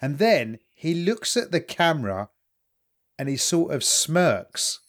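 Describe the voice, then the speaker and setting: A man's voice: fairly high pitch, big pitch swings, slow pace. A man in casual podcast chat, joking and incredulous, with casual swearing. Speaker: podcast co-host.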